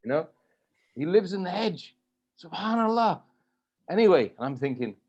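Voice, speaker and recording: A man hosting an interview, telling an animated personal story in a casual, chatty way. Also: sits high, moderate pace, pauses often. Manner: animated anecdotal storyteller, laughs often. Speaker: host. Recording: dull lo-fi audio.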